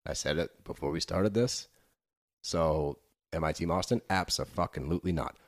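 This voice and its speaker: A man's voice: sits low, normal speed. A man co-hosting a podcast, recapping a reality show in casual, opinionated chat and laughing often. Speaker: podcast co-host.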